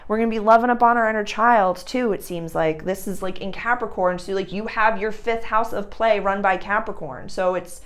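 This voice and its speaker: A woman's voice: mid-range voice, normal speed, hardly any pauses, clean tone. A woman giving an intuitive astrology reading, affectionate and rambling, calling the listener dear and honey, with the odd blunt swear word. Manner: tender and rambling, full of "like". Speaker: astrology reader.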